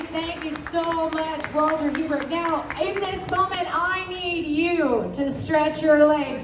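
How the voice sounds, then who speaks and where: High-voiced woman emceeing a rally. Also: roomy sound, recorded from a distance. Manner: energetic call-and-response chanting. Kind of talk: rally emcee hyping a crowd. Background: crowd noise.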